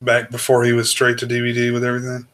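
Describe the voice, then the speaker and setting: A man's voice: mid-range voice, monotone, fast, a bit bright. A man co-hosting a podcast, dropping short wry remarks in a casual movie chat. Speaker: podcast co-host.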